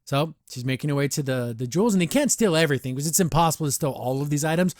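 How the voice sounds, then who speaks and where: A man hosting a podcast, reviewing a cartoon episode in an animated, excitable way with many restarts. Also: fairly high pitch, fast talker, dry recording, studio quality. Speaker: podcast host. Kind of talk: casual episode review chat.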